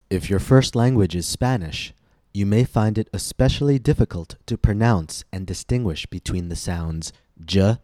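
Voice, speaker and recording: A man hosting a scripted pronunciation lesson, speaking slowly and deliberately with careful articulation. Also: low voice, warm tone, no room sound, clean studio sound. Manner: slow, deliberate, clearly articulated instruction. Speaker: host, pronunciation teacher.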